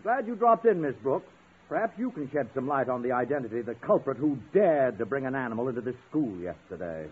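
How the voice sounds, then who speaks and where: A man's voice: mid-range voice, very animated, brisk, noisy background, natural voice. An actor playing a stern, suspicious male school official who gives commands in a 1950s radio sitcom. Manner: commanding, interrogating. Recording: tinny old radio broadcast.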